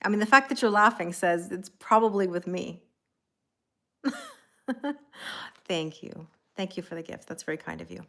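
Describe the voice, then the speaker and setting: A woman's voice: lowish voice, lively intonation, moderate pace, creaky, long pauses, pushed and bright. A woman doing a live-stream tarot reading, talking casually and rambling, greeting viewers by name with lots of fillers and self-corrections. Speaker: tarot reader.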